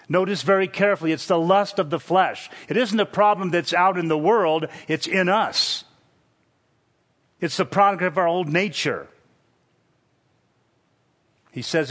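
A man preaching an expository sermon, teaching verse by verse in a measured, emphatic way. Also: fairly high pitch, a bit bright.

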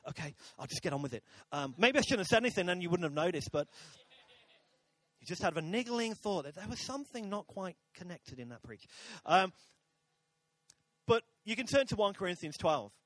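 A man's voice: sits high, big pitch swings, brisk, fairly bright tone, no room sound. A man preaching a sermon to a congregation in a church, chatty and jokey, talking with the crowd. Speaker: pastor. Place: church auditorium.

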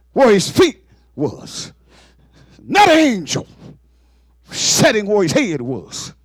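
A male preacher delivering an exclamatory sermon, shouting and whooping between scripture readings. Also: extremely high pitch, slightly rough, no echo, clean studio sound.

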